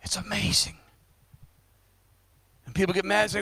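A high-pitched man preaches with fire, his voice bright and forceful. He hammers home stressed words, then drops to hushed asides. The sound is dry and close. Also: sing-song, gravelly, breathy edge, dry recording. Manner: emphatic, rising and dropping loudness, drawn-out stresses. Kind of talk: fiery sermon.

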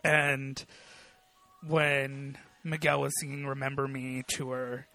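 A man's voice: medium pitch, completely flat delivery, slow, bright, forceful tone. A man co-hosting a casual chat, telling a personal memory in an earnest, reflective way with many hesitations.

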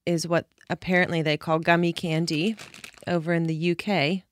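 A young adult woman co-hosting a casual chat podcast in a studio, chatty and quick to laugh. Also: lowish voice, flat delivery. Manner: giggly, chatty. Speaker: podcast co-host, publicist. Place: recording studio.

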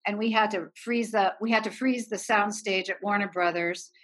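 Woman, 60s, from Erie, film producer guest, lively storyteller, laughs often. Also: mid-range voice, moderate pace. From Erie, Pennsylvania. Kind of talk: anecdotal storytelling.

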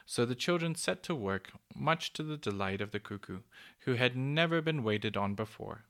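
A man reading a children's story aloud in a gentle, measured way. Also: mid-range voice, expressive, gravelly.

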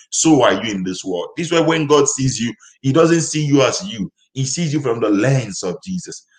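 A man's voice: medium pitch, poor audio. A man preaching a sermon, speaking in emphatic, repetitive declarations.

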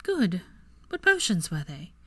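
A woman's voice: on the low side, wildly swooping pitch, pushed and bright, slightly rough, no room sound, full character voice. A woman voicing a bossy, witty young woman who teases and scolds with a dry, sarcastic edge. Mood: bright, teasing. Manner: brisk, teasing, sarcastic.

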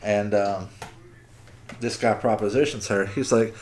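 A man talks casually on a podcast, his voice sitting fairly low. He swears freely and slips into quoted voices as he tells a story. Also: steady tone, a little slow, long pauses, darkish tone. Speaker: podcast co-host. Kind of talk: casual chat.

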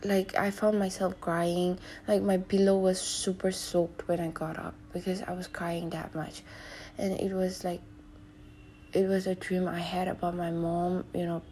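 A young woman hosting a solo podcast, telling stories casually with many fillers and sometimes dropping to a soft whisper. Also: fairly low pitch, slight background noise. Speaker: podcast host.

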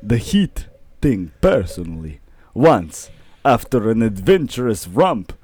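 A man talks slowly into a podcast mic, and his pitch swings widely as he reads a mock review with deadpan, mock-formal delivery. A faint hiss of noise sits under the recording. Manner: deadpan mock-formal reading, breaks into laughter. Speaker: podcast co-host. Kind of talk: casual comedic chat, reading a mock product review.

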